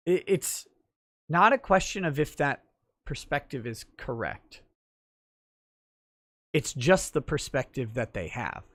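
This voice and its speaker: A man's voice: medium pitch, lively intonation, slow pace, pauses often, a bit bright, no echo. A man hosting a livestream, explaining legal matters in a casual, thinking-aloud way with fillers. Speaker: livestream talk show host and lawyer.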